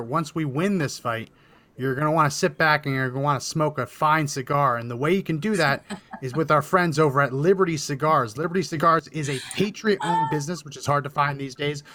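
A man co-hosts a podcast, delivering a sponsor read and a legal explanation in a smooth, easygoing manner. His voice sits a little higher than most men's. He corrects himself lightly as he goes. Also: pushed and bright, slight background noise. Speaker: podcast co-host. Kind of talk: ad read and casual talk.

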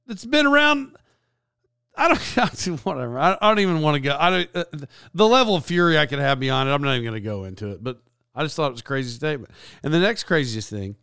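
A man's voice: on the high side, a bit bright, clean tone, no room sound, clean studio sound. A man telling a rambling story in a casual vlog, full of restarts and side notes. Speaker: YouTuber.

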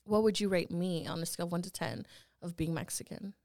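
A woman's voice: fairly low pitch, fairly even intonation, fairly quick, a little mellow, no room sound, studio quality. A young woman hosting a podcast in casual chat, playful, swearing freely and laughing often. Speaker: podcast host.

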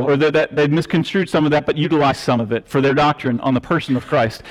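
Man preaching in a reverberant church. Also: on the high side. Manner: teaching, emphatic, with self-deprecating asides. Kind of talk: sermon. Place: church sanctuary. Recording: long reverb of a church hall.

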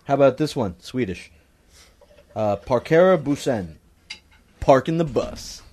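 A man's voice: mid-range voice, lively intonation, measured pace, mellow. A man hosting a crude comedy podcast, reading items off a list and adding wisecracks.

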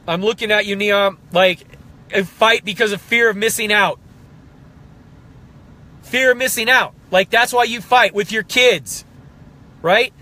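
A passionate man in his thirties gives a motivational pep talk as a fitness coach. His voice sits high and rings bright and forceful, and he sounds fired up and emotional. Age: 30s. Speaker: exercise coach for people with MS.

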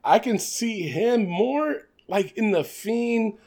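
Male podcast co-host, young, a little high-pitched, animated and chatty with frequent laughs. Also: slow. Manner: animated, laughs often, many fillers. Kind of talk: casual wrestling chat.

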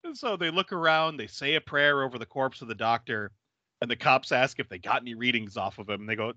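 A man chats through a movie recap with a bright, forceful voice that leaps up and down in pitch. He laughs often and slips into silly voices. The sound is dry and close. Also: moderate pace, no echo, dull audio. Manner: animated storytelling, doing silly voices for characters, laughing often. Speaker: podcast co-host recapping a film. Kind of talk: casual chat.

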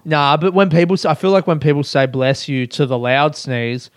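A man's voice: a little high, fairly even intonation, moderate pace, dry recording, clean studio sound. A man hosting a solo podcast, chatting casually and joking at his own expense, often laughing. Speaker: podcast host.

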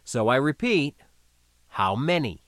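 A man's voice: mid-range voice, sing-song, slow, fairly bright tone, dry recording, studio quality. A man voicing a sick, wheezing male gunner just thawed from cryosleep, pressing questions in a strained, raised voice. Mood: insistent.

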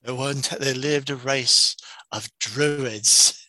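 Middle-aged man, casual podcast co-host, animated storyteller with a very bright, dry close sound. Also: mid-range voice, slow, dry recording. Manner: animated storyteller, laughs often, acts out quotes. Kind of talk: casual chat.

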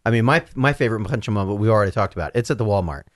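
A man co-hosting a casual book discussion podcast, laughing often as he retells scenes with animated energy. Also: on the low side, racing, dry recording, clean studio sound. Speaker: podcast co-host.

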